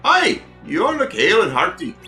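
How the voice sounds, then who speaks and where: An actor voicing an elderly, wealthy cartoon duck with a Scottish accent, heard as game audio. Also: male voice, high voice, huge pitch swings, moderate pace, pushed and bright, faint music behind, full character voice. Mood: brisk. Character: elderly rich Scottish duck tycoon, brisk.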